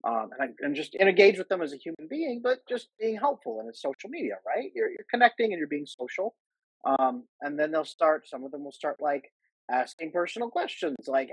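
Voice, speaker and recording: A man with a husky, slightly raised voice talks earnestly as a guest, restarting his sentences often. The sound is dry and close, over a choppy livestream video call. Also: a little high, sing-song, a little fast, no room sound, poor audio. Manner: earnest, many restarts and acted-out quotes. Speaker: guest, attachment coach. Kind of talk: casual interview chat.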